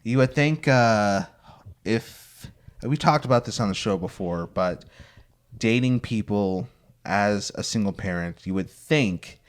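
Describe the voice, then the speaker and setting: With an unhurried, lowish voice, this young podcast host chats playfully, setting up hypothetical scenarios in a casual way.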